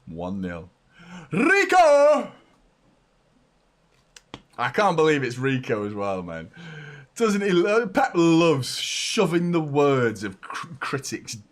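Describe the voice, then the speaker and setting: Brief: young man, football fan host, excitable live watchalong chatter, mid-pitched, talking from a room at home. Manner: excitable, chatty, swings between shouts and mutters. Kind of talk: live match watchalong commentary.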